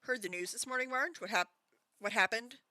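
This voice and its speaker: A woman voicing a gruff, curt middle-aged uncle, lowering her voice. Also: a little fast, bright, forceful tone, no echo.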